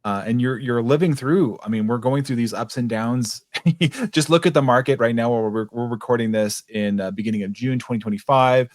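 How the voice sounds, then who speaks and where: A man's voice: medium pitch, fairly quick, no echo. A man hosting a business podcast, talking in a casual, affirming way, often restarting his sentences. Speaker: podcast host. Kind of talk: casual interview chat.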